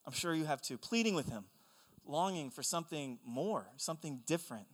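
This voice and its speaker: A young man preaching a sermon, telling stories in an animated, conversational way. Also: fairly high pitch, fairly quick. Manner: animated storytelling, excitable and conversational. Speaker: pastor. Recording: long hall reverb.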